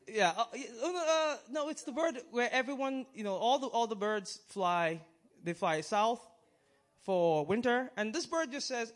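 A man's voice: high-pitched, fairly bright tone. A man preaching a sermon in a conversational way, with restarts and questions to the audience. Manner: conversational, halting, with restarts and chuckles.

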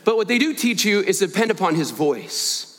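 A man as guest preacher giving an earnest, animated storytelling sermon in a church, with joking asides to the congregation. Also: high-pitched, normal speed, big-room sound. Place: church sanctuary.

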